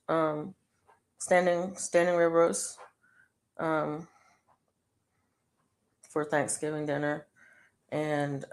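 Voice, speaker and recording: A middle-aged woman with a low, creaky voice chats to live viewers while she crochets. She rambles with plenty of ums and laughs often. Her tone is loose and conversational. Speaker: live stream host. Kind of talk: casual chat to live viewers.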